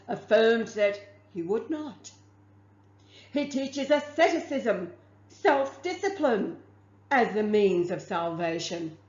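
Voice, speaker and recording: A woman's voice: a little high, darkish tone. A woman reading aloud from a religious text and stopping to comment on it, formal as she reads and chatty in her asides. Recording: muffled, echoey room.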